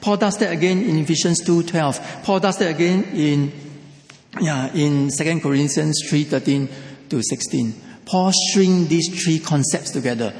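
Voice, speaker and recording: A man's voice: on the high side, a little slow, darkish tone. A man preaching a sermon, emphatic and repeating key phrases. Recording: echoey hall.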